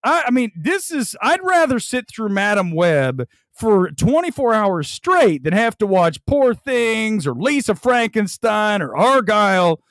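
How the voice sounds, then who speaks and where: A man whose voice sits high rants about a movie on a livestream, mocking it and laughing often in an animated way. There's no room sound.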